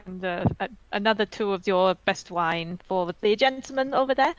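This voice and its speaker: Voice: mid-range voice, normal speed, no echo, low-quality recording. Amused player, dry close sound. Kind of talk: casual tabletop game play.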